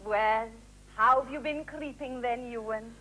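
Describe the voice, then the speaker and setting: A woman's voice: a little high, slow pace, sharp tone, slight background noise. A woman playing a homely housewife who mixes up her words in a sketch. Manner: sing-song, jumbled words.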